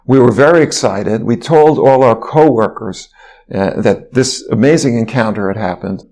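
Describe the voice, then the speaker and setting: Man guest, physician, telling a rambling anecdote, mid-pitched voice. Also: normal speed, a little mellow. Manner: rambling anecdotal storytelling with fillers. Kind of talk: storytelling interview.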